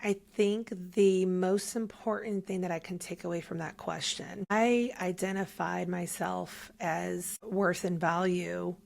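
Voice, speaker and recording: Young woman sharing her faith story, low and kinda gravelly, earnest, almost tearing up. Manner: earnest, emotional, near tears at times. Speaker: guest. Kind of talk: heartfelt faith testimony.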